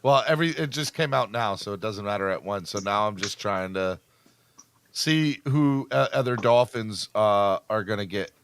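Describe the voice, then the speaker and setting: A man's voice: fairly low pitch, expressive, moderate pace, a bit bright, clean tone, dry recording. A man hosting a casual sports podcast, reading out news updates and laughing along with his co-hosts. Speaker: podcast host.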